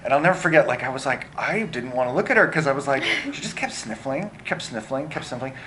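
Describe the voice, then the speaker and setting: Bright-voiced man telling a story. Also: mid-range voice, fast, slight background noise. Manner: animated, many fillers and restarts. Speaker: film director. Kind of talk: interview answers, storytelling.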